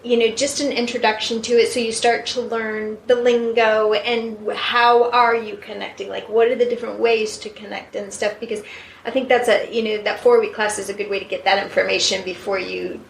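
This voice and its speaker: A chatty woman with a Southern US accent talks casually as a guest, laughing easily. Her voice sits a little high and sounds echoey, with a faint hiss of room noise behind her. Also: little pitch movement, moderate pace, vocal fry. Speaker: spiritual medium guest. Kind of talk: casual interview chat.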